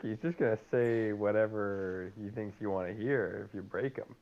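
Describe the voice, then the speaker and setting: Laid-back guy player, kinda low voice, muffled lo-fi mic. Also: fairly quick, hardly any pauses. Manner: hesitant, easygoing. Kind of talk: casual tabletop game play. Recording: dull lo-fi sound.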